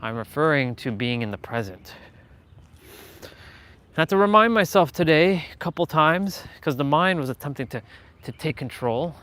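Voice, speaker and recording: Earnest man with a bright voice. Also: on the high side, expressive, normal speed. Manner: earnest, emphatic, repeats phrases. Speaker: motivational vlogger. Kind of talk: casual motivational monologue while walking. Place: outdoors on a street.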